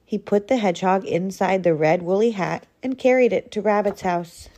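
Reading a children's picture book aloud, this woman uses an expressive storytelling style. Her voice sits in the mid range and her pace is normal.

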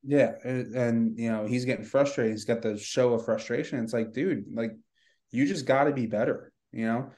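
A man co-hosts a sports podcast in a mid-range, darkish voice at normal speed. His casual sports chat is rambling and frustrated, peppered with plenty of "you know"s.

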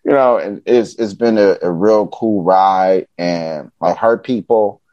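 A man's voice: deep voice, takes it slowly, no room sound, highs cut off. A man from Chicago, a podcast guest telling stories in casual talk, acting out what people said, loose and a little profane. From Chicago, USA. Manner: animated, acts out quoted dialogue, casual and profane. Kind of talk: casual storytelling conversation.

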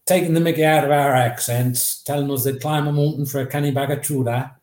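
A man in his fifties with a Northeast English accent, telling lively anecdotes as an interview guest and acting out the quotes. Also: mid-range voice, fast, roomy sound. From Northeast England. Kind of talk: storytelling in an interview.

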